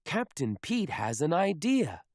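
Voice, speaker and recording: A man reading a children's picture book aloud in a slow, expressive storybook manner. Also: fairly high pitch, dry recording, studio quality.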